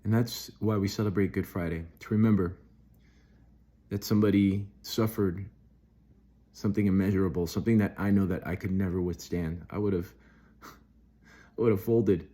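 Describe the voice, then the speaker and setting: A man's voice: sits low, steady tone, normal speed, long pauses, dark tone. Earnest man giving a devotional monologue. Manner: earnest, talks off the cuff with restarts and rising emphasis. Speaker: Christian video host.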